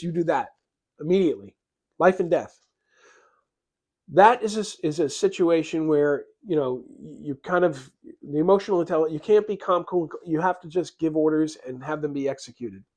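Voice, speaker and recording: A man's voice: a little high, a little mellow. A man giving an emphatic, plain-spoken motivational talk on leadership, acting out little bits of dialogue as he goes. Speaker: leadership educator.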